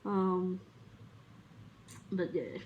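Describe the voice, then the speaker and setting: Rambling, low-voiced Australian woman. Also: drawn-out words, muffled recording, a little hiss or hum. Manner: chatty storyteller, laughs easily, swears casually. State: feeling flat. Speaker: vlogger. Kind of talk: casual rambling chat.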